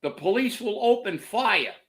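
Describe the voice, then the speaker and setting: Fired-up, bright-voiced ranting man. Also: high-pitched, animated, normal speed. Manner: heated, profane, repeats words when worked up. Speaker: co-host of political commentary show. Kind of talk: angry political rant.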